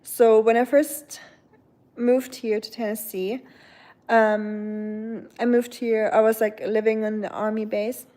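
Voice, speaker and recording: A woman rambles through a relaxed live-stream chat, padding her sentences with filler words. Her voice sits a little high. It has a warm, mellow tone. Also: takes it slowly. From Germany. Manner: rambling, many filler likes. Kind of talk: casual chat.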